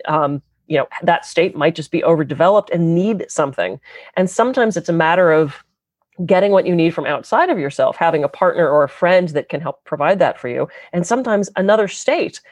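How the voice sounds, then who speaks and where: A woman's voice: lowish voice, expressive, a little fast, darkish tone, dry recording. A woman guest speaking as a therapist, explaining her work in an earnest, conversational way. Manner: earnest, explanatory, slips into quoted voices.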